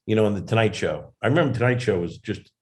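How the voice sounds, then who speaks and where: A comedian guest telling an animated, self-deprecating anecdote in a casual interview. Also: male voice, fairly low pitch, fast talker.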